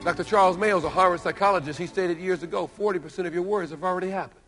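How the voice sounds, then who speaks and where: A man's voice: high-pitched, very fast, a bit bright, soft background music. A man giving an emphatic, playful motivational keynote. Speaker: motivational speaker. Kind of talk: live keynote. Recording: reverberant hall.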